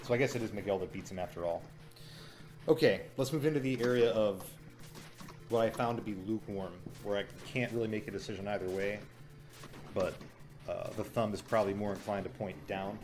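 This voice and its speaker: A man with a fairly low voice talking through a show review in a loose, rambling way. He is cynical and chatty, full of "like" and "you know". Faint music plays behind him. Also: fairly quick. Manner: chatty and cynical, mimics lines he quotes. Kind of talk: casual spoken review.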